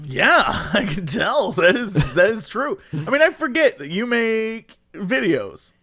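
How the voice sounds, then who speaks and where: A man co-hosting a podcast, trading quick jokes in casual chat. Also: high-pitched, very animated, bright, forceful tone. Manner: quick quips, joking. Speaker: podcast co-host.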